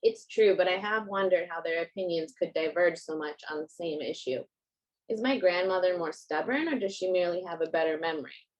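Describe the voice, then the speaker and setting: A woman author reads her own fiction aloud in a measured first-person narration. Her voice sits somewhat low for a woman, with a steady, even reading pace. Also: poor audio.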